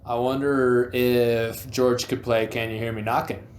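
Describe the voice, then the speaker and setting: A man co-hosting a casual debate chat, laid-back and quick to laugh. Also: mid-range voice, little pitch movement, slight background noise. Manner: laid-back, laughs easily, "you know" fillers. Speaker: co-host. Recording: roomy echo with faint music.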